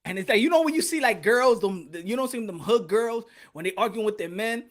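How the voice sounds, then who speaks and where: A man's voice: high-pitched, lively intonation, a little fast. A man hosting a podcast, telling a funny story in a casual, profane way and laughing often. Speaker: podcast host.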